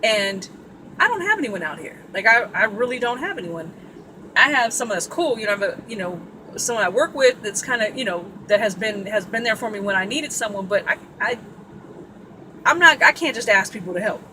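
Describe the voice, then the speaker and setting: A woman's voice: mid-range voice, lively intonation, brisk, bright, forceful tone, a little hiss or hum, low-quality recording. A woman from Sacramento telling a story in a casual, blunt and profane way, full of asides. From Sacramento, California. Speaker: vlogger.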